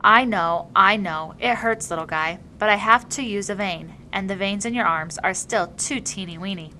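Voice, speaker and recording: A woman's voice: medium pitch, normal speed, slight background noise, natural voice, low-quality recording. Tender nurse-father, coos at infants, as a woman narrator puts him on. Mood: cooing. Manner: soft cooing baby-talk. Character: gentle grown man caring for newborns.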